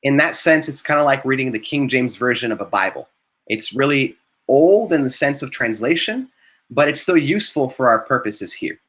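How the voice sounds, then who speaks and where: This is a man leading a live online Spanish class, with a clearly bright, forward-sounding voice. He models vocabulary, explains pronunciation, and keeps praising his students as he goes. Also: mid-range voice, lively intonation, moderate pace. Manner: encouraging, repeats words and praises students.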